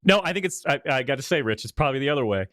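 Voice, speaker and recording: A man co-hosting a political talk show, rambling and halting with a wry edge. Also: mid-range voice, animated, fairly bright tone, no room sound, studio quality. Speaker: co-host.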